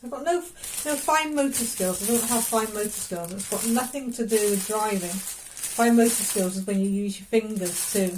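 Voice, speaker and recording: A woman's voice: mid-range voice, moderate pace, background noise. A woman chatting casually as she films a cooking video in her home kitchen, rambling into self-deprecating asides. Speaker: vlogger.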